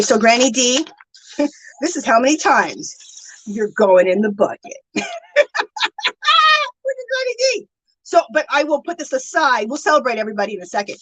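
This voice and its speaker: A woman's voice: on the high side, lively intonation, fast talker, no room sound, rough recording. A woman hosting a casual craft live stream, gushing thanks to viewers and counting aloud.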